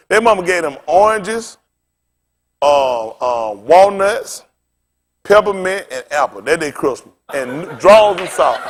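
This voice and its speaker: A man's voice: high voice, a bit bright, a little hiss or hum. A male pastor preaching a sermon with funny stories, talking in a loose, colloquial way and often laughing as he tells them. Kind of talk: sermon with humorous storytelling.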